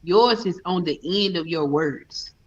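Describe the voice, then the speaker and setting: High-pitched dude teasing the host on a stream, muffled lo-fi audio. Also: male voice, a little slow. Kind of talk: casual livestream chat.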